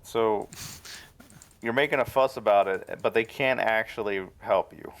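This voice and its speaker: Deep-voiced man running a tabletop game. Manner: halting, many restarts and fillers. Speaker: game master.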